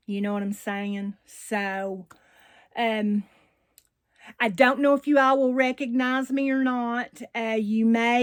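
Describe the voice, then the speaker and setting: A woman's voice: a little high, dry recording, clean studio sound. Chatty Southern woman with a country drawl. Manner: chatty and rambling, warm Southern slang. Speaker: doll channel host. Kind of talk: casual chat to viewers.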